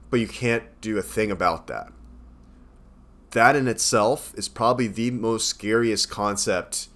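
Low-voiced man chatting on a podcast. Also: fairly bright tone. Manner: rambling, many fillers and self-corrections. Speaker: podcast co-host. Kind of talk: casual chat.

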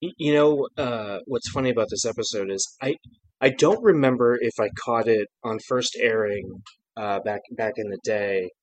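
A man's voice: mid-range voice, moderate pace, low-quality recording. A man co-hosting a podcast, talking casually about a cartoon episode, rambling and restarting his sentences with frequent laughs. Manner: rambling, self-interrupting, laughs often. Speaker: podcast co-host.

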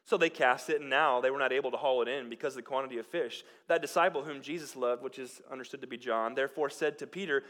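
A man preaching a sermon as pastor, moving between loud, emphatic lines and quiet, hushed ones. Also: medium pitch, fast talker, hardly any pauses.

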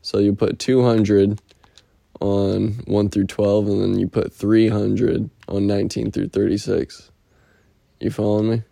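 A man's voice: lowish voice, level tone, unhurried, creaky, dark tone, no echo, clean studio sound. A man rambling through a casual, profane weekly update, telling stories and slipping into impressions. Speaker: podcast host.

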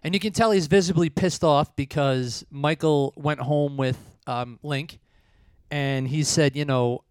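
Clear-voiced man retelling a movie plot. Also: on the high side, fairly even intonation, a little slow, no echo. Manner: chatty plot retelling with frequent laughs. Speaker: podcast host. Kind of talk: casual movie review chat.

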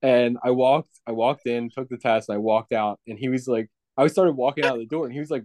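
A young man tells a rambling story in casual conversation, breaking into laughter again and again. His voice sits at an ordinary pitch. The sound is close and dry, with no room echo. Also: quick pace, few pauses, a little mellow. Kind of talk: casual chat.

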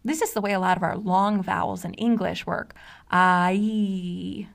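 A woman giving a scripted, analytical narration for a video essay, explaining things in a measured way. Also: medium pitch, vocal fry.

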